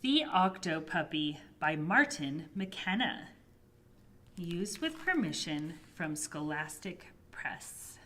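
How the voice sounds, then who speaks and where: Expressive woman reading a picture book aloud. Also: fairly low pitch, slow. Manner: expressive read-aloud with swooping emphasis. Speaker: children's librarian.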